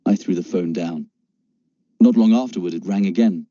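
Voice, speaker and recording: A man narrating a story in first person with steady storytelling, in a dull, dry lo-fi recording. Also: lowish voice, normal speed, no room sound. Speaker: audiobook narrator.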